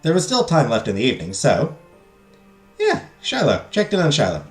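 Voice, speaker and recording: Man, game streamer, reading visual novel text, very lively pitch, echoey room, faint music behind. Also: quick pace. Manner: reads story text, drops crude joking asides.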